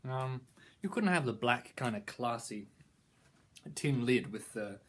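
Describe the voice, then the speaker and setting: A man's voice: medium pitch, animated, measured pace, fairly bright tone. A young man giving a casual product review, rambling and playful, with mock-grand praise.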